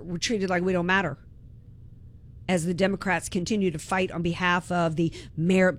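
A woman hosting talk radio, delivering an impassioned, indignant political monologue and repeating words when worked up. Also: on the low side.

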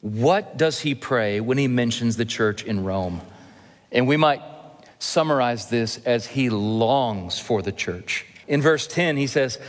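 A man preaches to his congregation in a steady, middle-pitched voice, earnest and now and then gently joking. His words linger in the long reverb of a church hall. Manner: earnest, gently humorous preaching with emphatic pauses. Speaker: pastor. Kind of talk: sermon. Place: church sanctuary.

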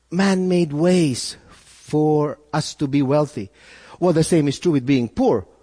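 A man's voice: on the high side, warm tone, breathy edge. A man preaching a sermon as pastor, earnest and full of rhetorical questions, often repeating words as he builds a point. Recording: long reverb in a hall.

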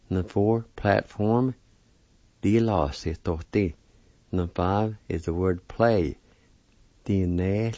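A man teaching a language lesson on the radio, spelling each word letter by letter and repeating its pronunciation slowly. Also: sits low, dark tone, dry recording, dull audio. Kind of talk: spelling out and pronouncing vocabulary.

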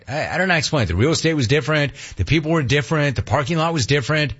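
A man in his fifties hosting a call-in talk radio show, ranting with animated energy and mocking voices. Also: fast, hardly any pauses, slightly rough, lo-fi sound. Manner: animated ranting, mocks cheerful clerks in a high voice. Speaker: radio talk show host taking calls.

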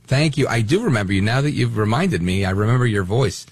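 A man's voice: fairly low pitch, lively intonation, fairly quick, slightly rough, dry recording. A middle-aged man from Brooklyn hosting a talk radio call-in show, talking emphatically with many fillers. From Brooklyn, New York.

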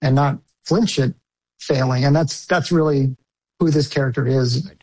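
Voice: mid-range voice, moderate pace, warm tone, slightly rough, rough recording. A filmmaker answering interview questions thoughtfully, often restarting and searching for words.

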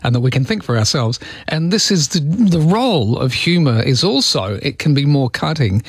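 A man's voice: a little high, expressive, normal speed, breathy edge, dry recording. An Australian man hosting a talkback radio show, speaking in a conversational, wry and opinionated way. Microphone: studio microphone.

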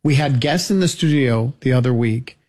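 Man, radio co-host, husky, mid pitch, jokey, casual. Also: moderate pace, a little mellow. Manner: jokey storyteller.

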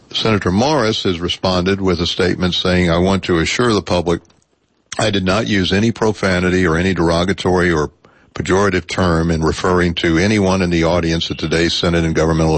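Deep-voiced male radio talk host. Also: dry recording. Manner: measured, hesitant with many uh fillers. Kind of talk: public radio call-in talk.

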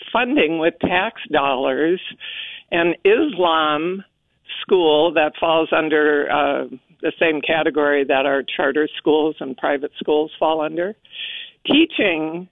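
A female caller on a talk radio show, coming through a tinny phone line. She speaks slowly in a gravelly voice, and she sounds indignant and deliberate. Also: deep voice, no echo.

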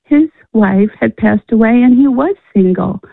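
Woman caller, gravelly voice, halting speech full of fillers, tinny phone line. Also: a little high, dry recording. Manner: halting, restarts often, fills with "you know". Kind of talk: phone-in question to a radio show.

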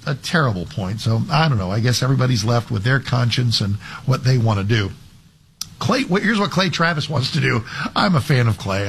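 A man's voice: medium pitch, a little hiss or hum. A man hosting a talk radio show, giving an opinionated monologue in a conversational way with frequent restarts. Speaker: talk radio fill-in host.

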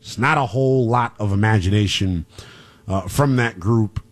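A man's voice: on the low side, normal speed. A man hosting a college football talk show, brash and emphatic, repeating lines for punch. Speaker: sports show host.

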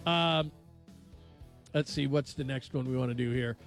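A man hosting a sports radio show, chatting casually and telling stories with animated asides. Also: medium pitch, normal speed, soft background music. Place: radio studio.

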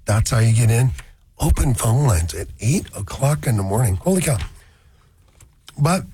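A man's voice: medium pitch, animated, moderate pace, warm tone, slight background noise. A man hosting a car radio show, rambling through folksy asides in a casual chat.

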